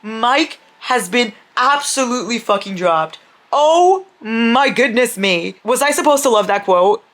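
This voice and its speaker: A young adult woman chatting casually in a reading vlog, excitable and gushing, laughing often and swearing freely. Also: a little high, measured pace. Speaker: book vlogger.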